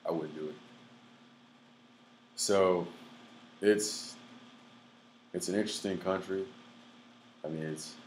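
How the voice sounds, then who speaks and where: Young male vlogger, very low voice, slangy and profane, faint room hiss. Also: slow, long pauses, rough recording. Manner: loose, profane, filler-heavy, with animated outbursts. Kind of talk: casual storytelling monologue.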